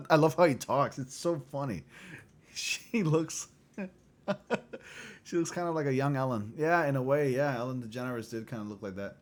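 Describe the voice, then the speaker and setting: A man hosting a casual livestream chat, loose and profane, who often clears his throat. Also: medium pitch, animated, moderate pace. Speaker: livestream host.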